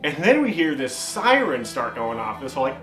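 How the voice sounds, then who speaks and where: A young youth pastor delivers a casual sermon at a fairly quick clip, his medium-pitched voice bouncing around an echoey room with faint music behind. He tells a story with lots of energy, animatedly acting out the voices of the people in it and frequently saying "man" and "like."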